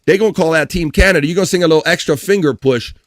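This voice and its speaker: Lively male live-stream host. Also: on the high side, rapid-fire, no echo, studio quality. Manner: animated, jokey, mimics others. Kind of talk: casual live-stream chat.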